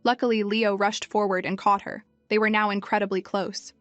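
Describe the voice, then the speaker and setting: A woman's voice: medium pitch, flat delivery, normal speed, a bit bright, dry recording, lo-fi sound. Woman narrating a manhwa recap. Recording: dry, music faint behind.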